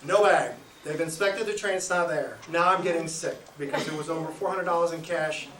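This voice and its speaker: A man with a high voice tells a comic travel story on stage, chuckling as he goes. His voice sounds roomy and comes from a few steps off the mic, with a faint hiss behind it. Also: fairly quick. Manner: animated, chuckles through his own story. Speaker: stand-up comic. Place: live show venue. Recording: echoey room, mic from a distance.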